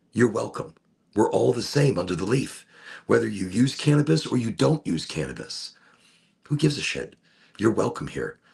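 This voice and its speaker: A man with a gravelly, husky voice talks in a loose, rambling way and often doubles back on his words. He hosts an easygoing smoke session as a casual chat. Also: mid-range voice. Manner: rambling, relaxed, repeats words. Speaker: host of a cannabis smoke session.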